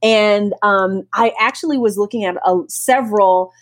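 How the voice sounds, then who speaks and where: A woman novelist talking casually about her writing process, animated, laughing often and restarting sentences. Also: mid-range voice, normal speed.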